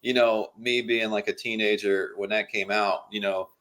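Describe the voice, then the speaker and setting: A young man from West Virginia talks comedy over drinks in an easygoing way. His voice sits a little low, and he cusses freely as he tells his stories. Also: steady tone, normal speed, fairly bright tone. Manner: laid-back, swears freely, laughs at his own stories. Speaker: guest. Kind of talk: casual chat.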